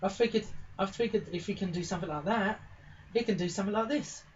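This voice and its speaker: A game master voicing an energetic young farm filly pony in a pony tabletop game, talking in a breathless, urgent way. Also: mid-range voice, quick pace, highs cut off, slight background noise, voice pushed up, natural voice. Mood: explaining.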